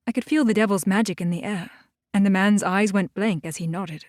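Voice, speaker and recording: Female audiobook narrator, steady even first-person reading, no room sound. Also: medium pitch, a little fast, no echo, clean studio sound.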